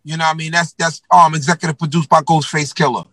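A man's voice: a little high, little pitch movement, fast, sharp tone, no room sound, poor audio. A man from New York telling stories as a guest rapper in a casual interview, slangy and profane with many fillers.

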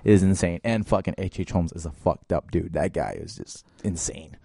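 A man's voice: sits low, sing-song, normal speed, vocal fry, dark tone, husky, no echo, clean studio sound. A man in his early twenties co-hosting a podcast in loose, profane casual chat, laughing often. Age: 20s. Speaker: podcast co-host. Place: small hot room.

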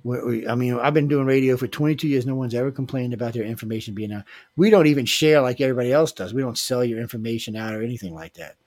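A man's voice: mid-range voice, fast, a little mellow, no echo. A man hosting a casual radio show, joking and rambling with filler restarts. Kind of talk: casual live radio chat.

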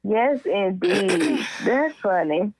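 A woman's voice: mid-range voice, expressive, drawn-out words, darkish tone, dry recording. A woman co-hosting a casual chat with a friend over the phone, speaking bluntly and laughing easily. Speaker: podcast co-host. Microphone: phone call. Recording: muffled phone line.

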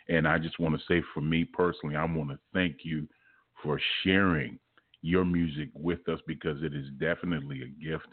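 Very deep husky radio host. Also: male voice, dry recording. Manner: laughs often, warm radio patter. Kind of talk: radio interview. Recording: tinny phone-like line.

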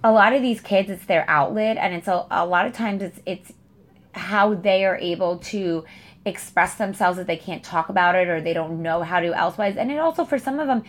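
A woman's voice: fairly low pitch, brisk. A young adult woman who teaches dance, talking casually with frequent fillers and restarts. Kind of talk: casual chat.

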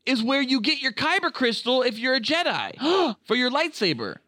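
A man co-hosting a casual podcast, talking excitedly and swearing freely as he rattles off fan lore. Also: extremely high pitch, normal speed. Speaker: podcast co-host.

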